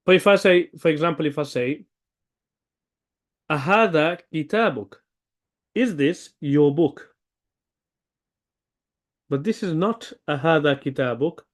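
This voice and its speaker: A man's voice: a little high, animated, moderate pace, pauses often. Man teaching an Arabic lesson. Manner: thinks aloud, peppers speech with "okay?". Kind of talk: online language lesson.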